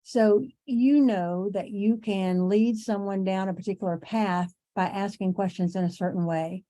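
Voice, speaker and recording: A middle-aged woman teaching an online class in a conversational way, repeating herself for emphasis and clearing her throat as she loses her voice. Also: mid-range voice, steady tone, unhurried, warm tone. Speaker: instructor.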